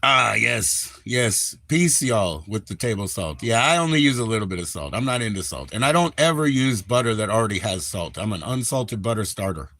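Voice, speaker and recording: A man's voice: lowish voice, very animated, bright, forceful tone, no echo. Laid-back man streaming. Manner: laid-back, rambling, drawn-out slang. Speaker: live streamer. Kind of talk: casual live-stream chat.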